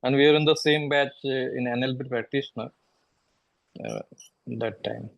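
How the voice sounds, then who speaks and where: A man's voice: mid-range voice, moderate pace, vocal fry, no echo, low-quality recording. A man, a member of the coaching group, making brief, hesitant remarks on a call. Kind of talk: casual online group call.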